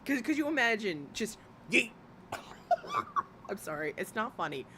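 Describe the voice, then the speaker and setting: A woman hosting a casual reaction stream. She swears, laughs and her voice jumps high when excited. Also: unhurried, very noisy.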